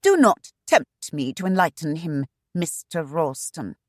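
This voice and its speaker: A woman voicing a haughty, sharp-tongued young heiress who gives orders without pause. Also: low-pitched, very animated, no echo, studio quality, full character voice. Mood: scathing. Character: haughty young lady estate heiress, fiery.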